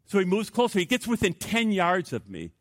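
Older man, pastor, sermon, animated storytelling, loud then hushed, fairly high voice, dry close sound. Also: a little fast, no room sound.

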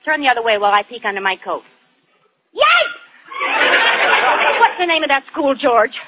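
A woman's voice: fairly high pitch, lively intonation, fast, heavy background noise, close to an everyday voice. An actress in her twenties playing a chatty, scatterbrained young wife in a 1940s radio comedy, bubbly and giggling. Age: 20s. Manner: bright, bubbly, giggling delivery. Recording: dull old radio broadcast.

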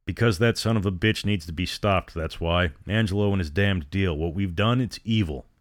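A doomed gangster speaks with solemn, resigned calm, as a man reads him. His voice sits very low, and the recording is dry and close. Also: normal speed, no room sound, close to an everyday voice. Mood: intense. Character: condemned middle-aged male gangster, resigned and solemn.

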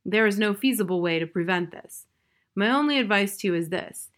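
A woman's voice: mid-range voice, lively intonation, fairly quick, fairly bright tone, lightly acted. A woman reading as a grave, formal old owl. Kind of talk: audiobook reading.

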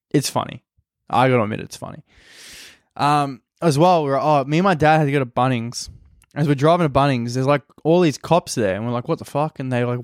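A man's voice: medium pitch, clean tone, no room sound, clean studio sound. A man with an Australian accent, a stand-up comedian rambling crudely through a casual solo podcast. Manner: crude, rambling, heavy swearing.

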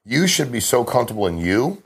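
A middle-aged man, an insurance sales agent appearing as a podcast guest, talks casually and tells stories fast and emphatically, restarting often. His voice is medium-pitched, very animated, gravelly and slightly rough.

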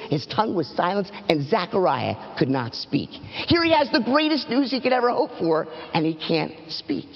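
Animated man telling a children's sermon. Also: slightly rough, big-room sound, highs cut off. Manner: dramatic, animated storytelling with big pitch swings. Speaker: children's pastor. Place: church platform.

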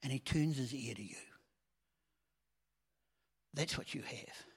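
A man's voice: mid-range voice, takes it slowly, breathy edge. Preacher man in a reverberant hall. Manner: conversational preaching with swells of loud emphasis. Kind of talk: sermon.

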